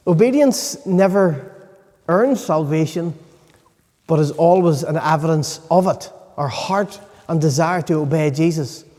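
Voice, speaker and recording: A man preaching a sermon, earnest and emphatic, pausing to stress key points. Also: on the high side, dark tone. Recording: long reverb of a large hall.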